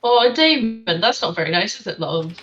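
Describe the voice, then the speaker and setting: A woman's voice: medium pitch, lively intonation, brisk, fairly bright tone. Crude, playful woman gamer in an echoey room. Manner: crude, playful, swears, speaks in character. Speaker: player. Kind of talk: casual tabletop role-play. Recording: echoey, dull lo-fi room audio.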